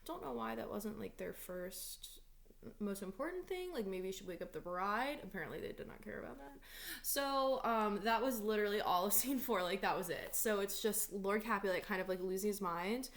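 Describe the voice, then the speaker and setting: A woman's voice: medium pitch, expressive, normal speed, vocal fry. A young woman teacher reading a play aloud at home and chatting through it in a casual, filler-heavy way. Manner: chatty, lots of likes and ums, dramatic when reading lines aloud. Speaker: English teacher. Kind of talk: casual read-aloud lesson.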